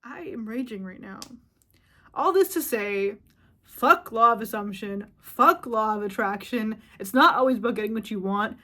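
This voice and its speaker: Woman ranting loudly with profanity. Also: on the high side, moderate pace. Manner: emphatic, profane, swings between loud outbursts and quiet asides. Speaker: vlogger. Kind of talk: ranting monologue to camera.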